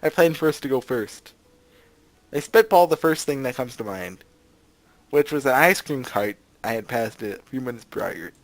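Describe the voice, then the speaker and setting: A man's voice: mid-range voice, animated, moderate pace, dry recording. A man hosting a let's play, reading a visual novel aloud and breaking off for sarcastic, jokey asides. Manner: sarcastic, jokey asides between read lines.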